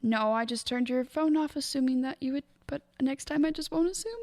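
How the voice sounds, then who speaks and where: A woman's voice: high-pitched, a little fast, darkish tone. A young woman co-hosting a podcast, telling a story in casual chat, swearing freely and laughing often. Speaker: podcast co-host.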